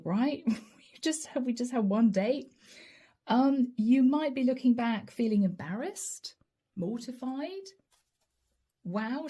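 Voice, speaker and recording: Chatty woman with a mellow voice reading tarot. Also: fairly high pitch. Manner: chatty, laughs often, talks straight to the viewer. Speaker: tarot reader.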